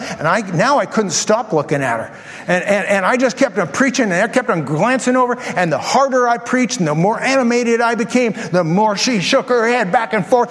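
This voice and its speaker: A man preaching a sermon as pastor, telling a story with lively, acted-out asides to his congregation. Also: very high-pitched. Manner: animated storytelling, acts out his own thoughts. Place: large church hall. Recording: long hall reverb.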